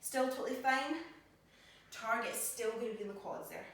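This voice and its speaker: With a slightly bright voice on the high side and a normal pace, a woman personal trainer works out while encouragingly cueing moves and counting reps, a bit out of breath. The recording comes from a distance in a very echoey gym.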